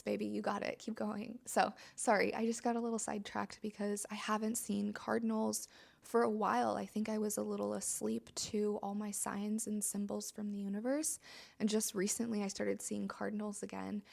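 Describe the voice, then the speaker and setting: A woman's voice: mid-range voice, vocal fry, a little mellow. A woman hosting a podcast, speaking in a chatty, emphatic, motivational monologue and filling her sentences with "like.". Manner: chatty, emphatic, heavy use of "like". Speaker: podcast host.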